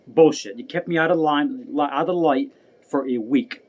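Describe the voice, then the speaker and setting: A man's voice: on the high side, moderate pace, a little mellow. Profane man ranting to camera. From United States. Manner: profane, heated, repeats himself. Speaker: vlogger. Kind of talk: angry personal rant to camera.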